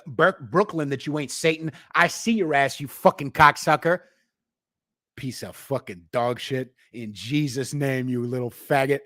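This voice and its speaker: A young man hosting a livestream, talking in a profane, slangy, swaggering way and jumping between loud outbursts and low asides. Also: a little slow, dry recording, studio quality. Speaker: livestream host. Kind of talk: unscripted livestream rant.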